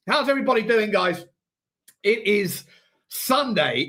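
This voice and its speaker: A man's voice: high voice, expressive, a little slow, fairly bright tone. A man with an English accent hosting a casual livestream, playful and rambling, his throat strained and coughing. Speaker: host.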